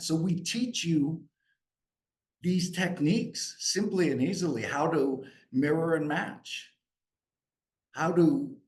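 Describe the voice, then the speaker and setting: Energetic higher-voiced male sales coach. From New York. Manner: energetic, asks the group questions. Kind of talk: live coaching session with a group.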